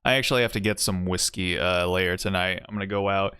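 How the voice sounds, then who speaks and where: A man with a low, sharp, clean-sounding voice talks at a quick pace while streaming a game. Between reading lines, he drifts into rambling, self-mocking asides in casual commentary.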